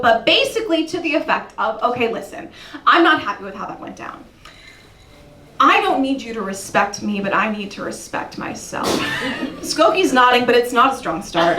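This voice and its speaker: Young female stand-up comic telling a story, animated, high voice, echoey club sound from afar. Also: recorded from a distance, a little hiss or hum. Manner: animated storytelling, jumps high when ranting. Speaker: stand-up comedian. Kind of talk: stand-up comedy set. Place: comedy club stage. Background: audience laughter.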